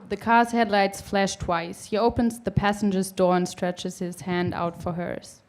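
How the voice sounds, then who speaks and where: A woman's voice: mid-range voice, steady tone, measured pace, hardly any pauses, a little mellow. A young woman reading her own short story aloud at a live event. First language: German. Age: young adult. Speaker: author and reader.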